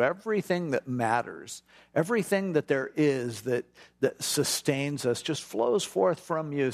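Gravelly-voiced man teaching casually. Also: medium pitch. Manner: informal, acts out prayers in quick asides. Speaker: pastor. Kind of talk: conversational Bible teaching.

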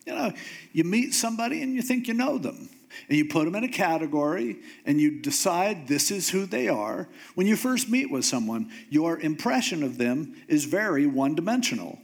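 A man's voice: fairly high pitch, normal speed, creaky. A man preaching a sermon in a casual, conversational way, acting out the voices of the people in the story he retells. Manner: animated storytelling, acting out voices of God and Moses; conversational, informal phrasing. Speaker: pastor.

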